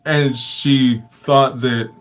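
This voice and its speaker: Drawing out his words in a steady, mid-range voice with a slightly bright tone, this livestream storyteller rambles through his tales. He swears, leans heavily on fillers, and laughs frequently as he chats casually.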